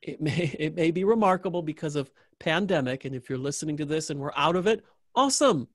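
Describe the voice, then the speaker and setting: A man's voice: a little high, quick pace, no echo, studio quality. A man hosting an interview, wrapping up with an enthusiastic, joking endorsement of his guest, often repeating phrases for emphasis. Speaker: interview host.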